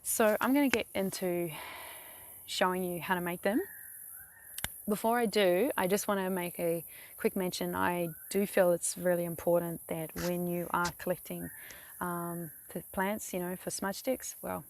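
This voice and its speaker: A woman's voice: lowish voice, fairly even intonation, moderate pace, gravelly, a little mellow, a little hiss or hum. A young woman from New Zealand with a New Zealand accent, chatting casually in a how-to vlog, rambling with lots of fillers, recorded outdoors beside a lake. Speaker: craft vlogger.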